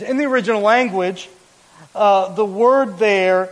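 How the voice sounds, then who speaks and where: A man preaching a sermon as pastor, explaining a verse with deliberate, emphatic repetition. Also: sits high, rough recording.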